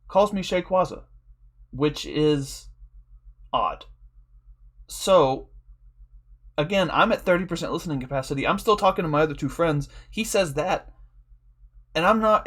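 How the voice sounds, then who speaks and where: Rambling, profane, higher-voiced man. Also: fairly bright tone. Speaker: draft league coach. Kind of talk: casual storytelling.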